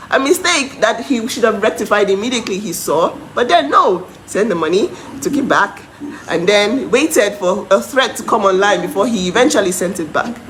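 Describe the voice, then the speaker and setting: A woman's voice: medium pitch, fairly bright tone. A young adult woman delivers a heated personal rant to her followers, emphatic and indignant, with bursts of bitter laughter. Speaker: vlogger speaking to her followers. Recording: noisy background hiss.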